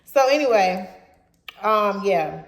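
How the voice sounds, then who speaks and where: A woman's voice: medium pitch, slow. Blunt, profane young woman, roomy sound. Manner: profane, blunt, animated retelling. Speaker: vlogger. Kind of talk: casual storytime. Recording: roomy echo.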